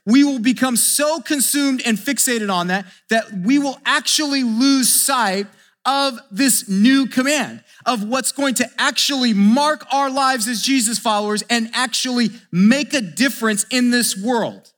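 High-voiced man preaching in a reverberant hall. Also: a little slow. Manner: animated, acts out scripture dialogue, drops to quiet asides. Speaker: pastor. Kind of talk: sermon.

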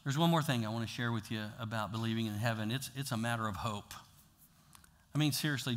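A pastor preaching a sermon in a casual, talky way, swinging from loud to hushed. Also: male voice, medium pitch, fast. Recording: long hall reverb.

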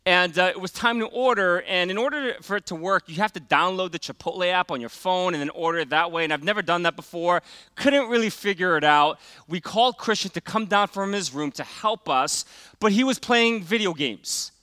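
A middle-aged man preaching a sermon, telling a personal story in a casual, conversational way and dropping to a hush for emphasis. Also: high voice, fairly quick, clear, resonant tone, dry recording. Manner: conversational storytelling, many fillers, drops to quiet for emphasis. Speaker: pastor.

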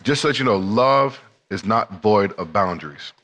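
Lower-voiced male co-host, affirming and chatty, reverberant room. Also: expressive, a bit bright. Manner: affirming, quick agreements and laughs. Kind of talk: casual chat.

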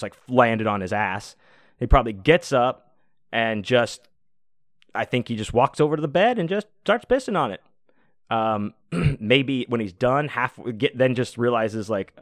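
A man's voice: lowish voice, fairly bright tone, no echo, clean studio sound. A man hosting a podcast, telling a story in a casual, profane, laid-back way and laughing often. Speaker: podcast host.

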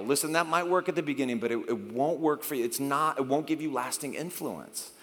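A middle-aged man preaching a sermon in a chatty, animated way, often acting out little exchanges. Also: a little high, a little fast, few pauses. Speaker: pastor. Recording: long hall reverb.

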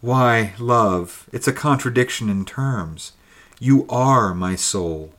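A man reading the lines of a young woman's ghost, once burned as a witch, in a soft, intimate, pleading way. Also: mid-range voice, slow. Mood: tender.

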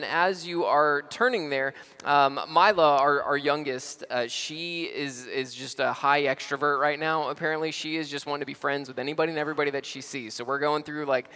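A man's voice: fairly high pitch, a bit bright. A male pastor, preaching a sermon in a casual storytelling way.

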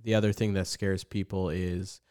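A man co-hosting a podcast, chatting in an upbeat way with quick agreement and jokes. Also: low-pitched, flat delivery, darkish tone, clear, resonant tone, no room sound, studio quality. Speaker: podcast co-host. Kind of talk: casual faith podcast chat.

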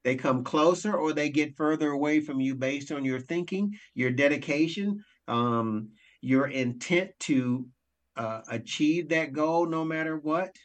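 A man's voice: on the high side, a little slow. Earnest motivational coach man. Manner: earnest, checks in with "right?". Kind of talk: motivational conversation.

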